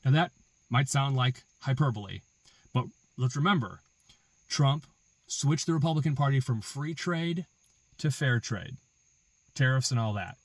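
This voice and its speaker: A man's voice: mid-range voice, animated, unhurried, long pauses, dry recording. A man hosting a political commentary show, arguing an opinion with emphatic repetition and rhetorical questions. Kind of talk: opinion monologue.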